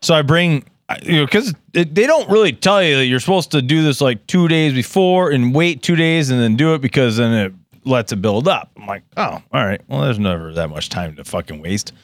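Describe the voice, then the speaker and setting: Male podcast co-host, lively storyteller, slightly high voice. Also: fairly quick, hardly any pauses, no echo, studio quality. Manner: animated, laughing, acts out voices in stories. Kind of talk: crude casual storytelling.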